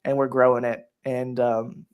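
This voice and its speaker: A man's voice: medium pitch, flat delivery, measured pace, darkish tone, smooth. A man hosting a casual podcast chat, earnest and emotional, with many fillers and restarts. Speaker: host.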